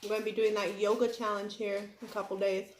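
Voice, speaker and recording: A woman's voice: mid-range voice, flat delivery, fast talker, roomy sound, a little hiss or hum. A young woman vlogger chatting casually and apologetically while eating on camera. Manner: chatty and apologetic, talking between bites. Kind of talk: casual eating vlog chat. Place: home room indoors.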